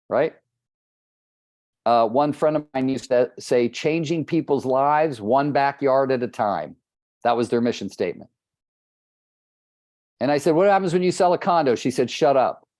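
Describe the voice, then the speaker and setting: A man's voice: medium pitch, dark tone, no echo. A conversational male coach who talks straight to his listeners, calling on them by name. His voice sits in a middle register. It is captured close with no room sound. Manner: conversational, plain-spoken, addresses listeners by name. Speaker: real estate coach. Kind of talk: live coaching call.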